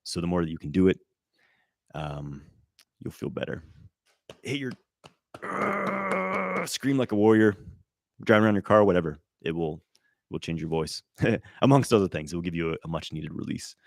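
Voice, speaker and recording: A man answering viewer questions on a live stream, loose and animated, swearing, with many fillers and restarts. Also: low-pitched, fairly quick, long pauses, no room sound, studio quality. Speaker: qigong teacher answering live chat questions.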